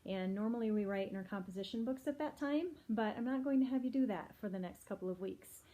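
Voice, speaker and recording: A woman with a mellow, mid-range voice teaches phonics to young children. She goes slowly and patiently, spelling things out clearly and asking the kids questions along the way.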